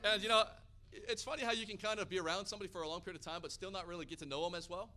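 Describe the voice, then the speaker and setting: Bright-voiced, energetic American preacher man. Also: sits high, very fast. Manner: energetic, rising to loud emphatic peaks. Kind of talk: sermon.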